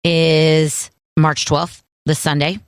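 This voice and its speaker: A woman co-hosting a radio show, running through items in a brisk, list-reading way. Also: sits low, level tone, clean tone, dry recording. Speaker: radio co-host. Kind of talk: morning radio show chat.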